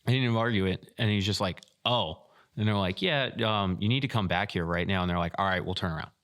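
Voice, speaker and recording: A man co-hosting a podcast, retelling a story in a profane, animated way. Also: low voice, quick pace. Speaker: podcast co-host, field staff. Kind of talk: casual storytelling chat.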